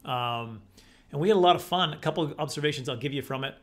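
A middle-aged man doing stand-up comedy, telling stories in an animated, self-deprecating way. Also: fairly high pitch, fast talker.

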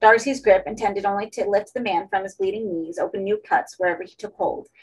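Female audiobook reader, husky, mid pitch, steady horror narration. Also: a little fast, poor audio.

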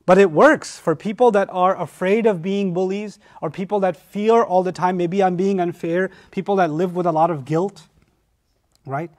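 Animated high-voiced male teacher. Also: normal speed. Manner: animated, acts out quoted voices. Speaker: Quran teacher. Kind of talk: lecture on scripture.

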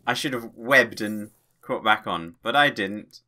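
A man with a lowish voice provides let's play commentary for his gaming channel, speaking a little slowly yet staying excitable and playful, complete with self-made sound effects.

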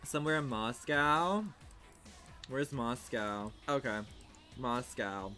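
A young man livestreaming and commenting casually on a game he is playing, in a sassy, theatrical way that swings into outraged shouts. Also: mid-range voice, lively intonation, extremely slow, pauses often, smooth, soft background music.

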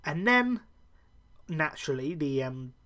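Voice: medium pitch, sing-song, unhurried, bright, forceful tone. Solo podcast host, rambling and self-correcting, dry humor. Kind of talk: solo fantasy-booking podcast monologue.

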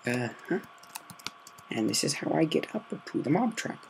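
A man hosting a game let's-play, talking in a hushed, low-key and rambling way, with a slight sore throat. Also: very animated, moderate pace, gravelly, heavy background noise. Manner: quiet, low-key, meandering. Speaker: gaming video host.

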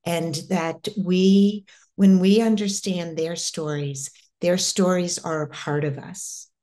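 A middle-aged woman from the United States recounts a personal spiritual experience. She speaks very slowly in a fairly low voice, pausing and restarting her sentences often. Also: steady tone, warm tone. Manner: slow, halting, with many restarts. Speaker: interview guest.

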